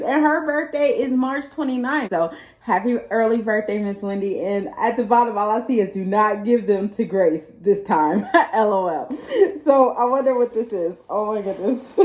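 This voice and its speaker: Excitable Texas woman, echoey room. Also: fairly high pitch. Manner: chatty, excitable, laughs often. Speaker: vlogger. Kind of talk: casual unboxing chat.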